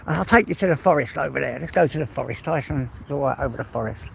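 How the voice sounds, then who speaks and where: A man with an English accent livestreams from his phone as he walks his dog across rural fields, chatting to viewers and swearing now and then. His medium-pitched voice moves at a quick pace with few pauses, sounding creaky and slightly rough.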